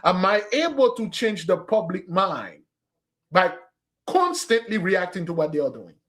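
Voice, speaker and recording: High-pitched and a bit bright, the man's voice swings widely in pitch as he talks a little slowly. He's giving an emphatic spiritual teaching for a fasting day, calling people "beloved" and dropping into street slang.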